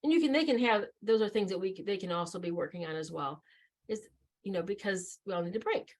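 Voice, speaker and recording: A woman trainer talks through her session in an easy, conversational way. She restarts sentences often and leans on filler words. Her voice sits at an ordinary middle pitch. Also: fast talker.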